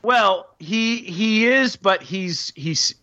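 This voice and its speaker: Male co-host, halting explainer full of ums, dry muffled lo-fi recording. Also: high-pitched, lively intonation, bright, forceful tone, no room sound. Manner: halting, filler-heavy, explanatory. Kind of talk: casual film discussion. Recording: dull lo-fi dry sound.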